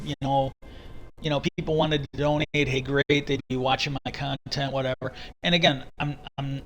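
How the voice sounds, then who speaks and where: A man on a live stream ranting loosely about whatever is on his mind, his voice bright and forward. He swears freely and keeps stumbling into restarts as his thoughts race ahead, sitting a bit above the usual male pitch. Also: rough recording. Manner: animated, profane, with frequent restarts. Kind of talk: casual live-stream rant.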